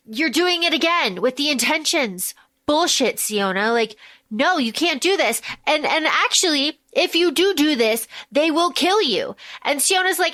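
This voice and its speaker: High, bright-voiced woman podcaster. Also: a little slow. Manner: animated plot retelling with casual swearing. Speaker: podcast co-host. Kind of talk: casual book-discussion chat.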